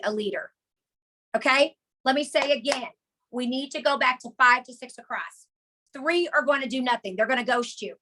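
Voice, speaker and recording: A high-pitched woman hosts a motivational team call, energetic and emphatic, repeating her key points and dropping chatty asides.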